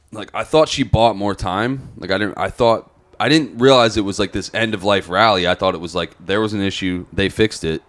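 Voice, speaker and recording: Young man, very low voice, profane rambling talk, casual podcast. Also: fairly quick, fairly bright tone. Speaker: podcast co-host.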